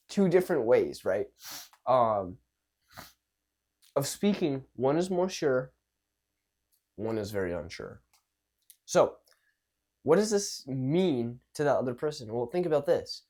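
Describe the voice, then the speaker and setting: A young man talks through social confidence tips in a loose, conversational way. He is animated, acting out nervous and calm versions of the same lines, and swears now and then. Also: medium pitch, a little slow, pauses often. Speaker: social skills coach. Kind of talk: casual coaching talk to camera.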